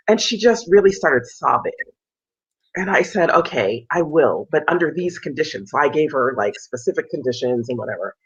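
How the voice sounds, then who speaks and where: A woman's voice: fairly low pitch, moderate pace, slightly rough. A woman, a soprano interviewed on a video call, telling a story and acting out the lines of the people in it. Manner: animated storyteller, acts out quoted lines in a raised voice. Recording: dull lo-fi sound.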